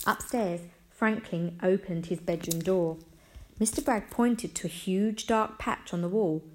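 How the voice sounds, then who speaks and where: A woman reading a children's storybook aloud in an expressive, animated manner. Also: on the low side, measured pace.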